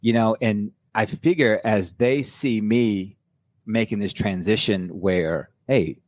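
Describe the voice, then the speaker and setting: A man's voice: on the low side, slow pace, darkish tone, no echo. A middle-aged man, a personal trainer guest, talking candidly in a casual podcast chat, rambling with restarts.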